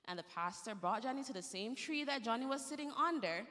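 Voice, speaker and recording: A woman telling a story to children during a church service, gentle and lively, in a church sanctuary. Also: a little high, fairly quick, in a large hall.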